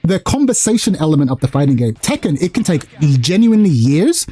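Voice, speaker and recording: A man hosting a casual fighting game chat, excitable, laughing often and acting out quoted players. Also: a little high, a little fast, slightly rough.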